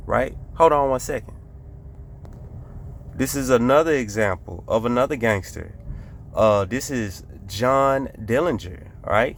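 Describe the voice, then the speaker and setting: A man's voice: mid-range voice, creaky, slight background noise. A man hosting a casual reaction video, talking emphatically and repeating rhetorical questions and catchphrases.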